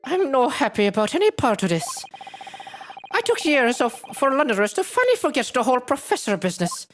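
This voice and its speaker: Woman putting on a gruff Scottish man. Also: high-pitched, sing-song, brisk, voice pushed up. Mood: irritated. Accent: put-on Scottish. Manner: clipped, grumbling dialect delivery.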